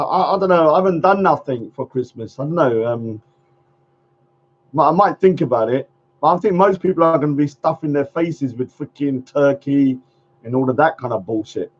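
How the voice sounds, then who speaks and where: A man with a slightly high, husky voice hosts a relaxed livestream chat. He tends to ramble, breaks into laughter often, and leaves sentences unfinished. The sound quality is dull and lo-fi.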